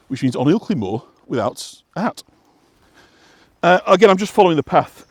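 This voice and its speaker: A man from West Yorkshire talks casually while walking outdoors along a path. His voice sits a little high and swings up and down a lot, and he rambles with many fillers and restarts. The sound is dry and close. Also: sing-song, fairly quick, no echo. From West Yorkshire, England. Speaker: walking guide and vlog host.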